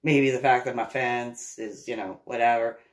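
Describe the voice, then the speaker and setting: A woman casually telling a long personal story in a rambling, animated way, with laughs and restarts along the way. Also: a bass voice, moderate pace.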